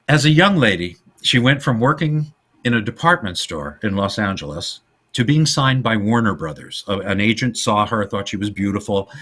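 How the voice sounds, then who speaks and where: A man co-hosting a podcast in casual chat, telling film history stories in an animated way. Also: lowish voice. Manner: animated storytelling, trivia-laden. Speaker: podcast co-host.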